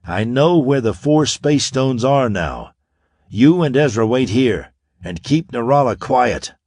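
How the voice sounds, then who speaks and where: A man's voice: medium pitch, animated, slow, a little mellow, no room sound. Male narrator as an unflappable pulp space hero; wry, commanding, mid-range, dry sound. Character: cool, confident young space hero.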